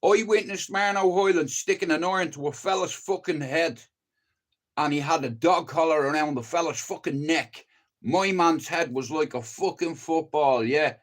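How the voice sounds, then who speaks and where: An older man with a Dublin accent in a casual livestream monologue, blunt and profane, agitated, stammering over restarts as he tells his story. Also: a little high. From Ireland.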